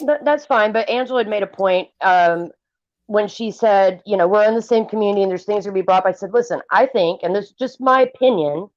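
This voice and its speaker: A woman's voice: mid-range voice, a little fast, dry recording. A woman co-hosting a livestream in casual chat, blunt and opinionated, talking at length. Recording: dull lo-fi stream audio.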